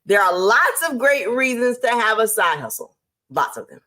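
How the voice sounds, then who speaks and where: A woman hosting a motivational talk on business, lively and emphatic, laying out her points like a teacher. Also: moderate pace. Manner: lively and emphatic, with sudden jumps in pitch; teacherly, lays out numbered points. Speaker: host.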